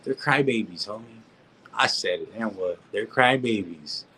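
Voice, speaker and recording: A man's voice: fairly low pitch, lively intonation, normal speed, pushed and bright, slight background noise, low-quality recording. A man, talking in a casual live-stream rant, slangy and repetitive, peppering his talk with street asides and restarting his sentences. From California. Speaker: reaction streamer.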